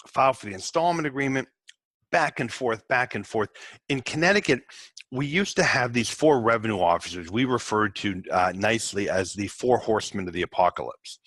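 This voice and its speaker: A man hosting a podcast for tax professionals, telling candid work stories in a casual way, cursing now and then and acting out quick exchanges with his clients. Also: on the low side, a bit bright, breathy edge, dry recording. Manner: candid, swears, acts out clients in quick asides. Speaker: tax resolution podcast host. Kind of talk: casual storytelling to fellow practitioners.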